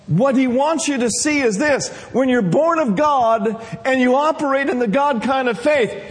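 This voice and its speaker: A man's voice: extremely high pitch, moderate pace, hardly any pauses. A man preaching a sermon, leading the congregation in call-and-response and repeating his key phrases.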